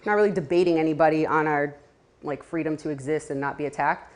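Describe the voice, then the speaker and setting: A woman's voice: low-pitched, steady tone, fast. Chatty woman talking to a crowd. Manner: chatty, laughing asides, many fillers. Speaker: community speaker. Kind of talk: casual talk to a live audience.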